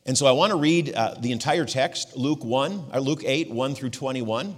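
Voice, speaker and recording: A male pastor preaching a sermon and reading scripture aloud, with a measured delivery and occasional fillers. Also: medium pitch, in a large hall.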